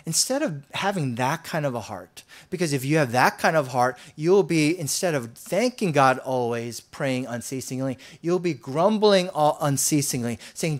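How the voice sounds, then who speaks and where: A man preaching a sermon as pastor, in an earnest voice that rises loud for scripture and drops to near-whispers, often repeating and restarting his words. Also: fairly high pitch, expressive, moderate pace, hardly any pauses.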